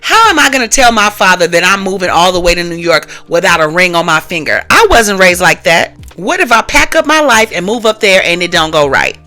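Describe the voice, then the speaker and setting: Lady doing sassy best friend voice, pushy, gets emotional, bright tone. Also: fairly low pitch, animated, fairly quick, few pauses. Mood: distressed. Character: sassy young woman, impatient best friend.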